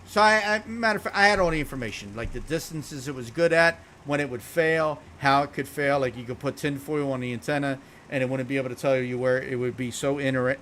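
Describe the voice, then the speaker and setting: A man speaking at an ordinary middle pitch, spinning a long story while he streams a game. His delivery is blunt and animated, with plenty of swearing. A faint hiss of noise sits under his voice.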